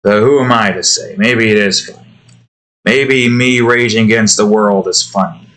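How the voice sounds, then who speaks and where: A man's voice: fairly low pitch, normal speed, a bit bright. A tired man rambling and grumbling to himself in casual commentary while he builds a game. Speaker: game developer vlogger.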